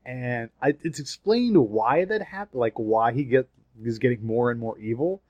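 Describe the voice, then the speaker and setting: A man co-hosting a casual podcast chat, animated, swearing and laughing between points. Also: medium pitch, normal speed, no room sound, lo-fi sound. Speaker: podcast co-host.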